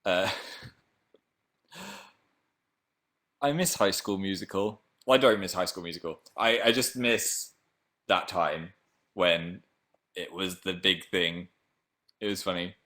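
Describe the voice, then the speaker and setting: A man hosting a relaxed livestream, talking into a webcam mic in a somewhat low voice. He wanders from topic to topic and jokes around, with sudden bursts of excitement. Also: takes it slowly, pauses often. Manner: rambling, jokey, with sudden excited jumps in pitch and volume. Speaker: livestream host reading viewer comments. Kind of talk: casual chat.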